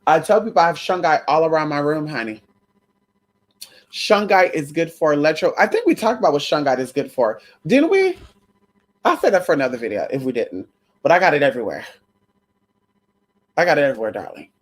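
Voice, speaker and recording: A woman talks casually to her livestream audience about crystals and spiritual shifts. Her pitch swings widely and her delivery is animated, sliding into baby talk and bursts of excitement, with honey and y'all sprinkled throughout. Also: fairly quick, long pauses. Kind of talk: casual livestream chat with viewers.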